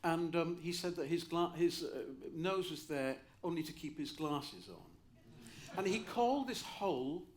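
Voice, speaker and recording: Animated Welsh storyteller, older man. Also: fairly high pitch, unhurried. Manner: animated, theatrical, lively delivery. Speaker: cabaret raconteur. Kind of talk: comic storytelling on stage.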